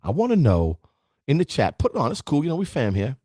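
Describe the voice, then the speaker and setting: A man's voice: mid-range voice, wildly swooping pitch, quick pace, warm tone, slightly rough, no echo, clean studio sound. A middle-aged man hosting a live motivational stream, talking straight to his viewers and the chat. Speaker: host of a live positivity show.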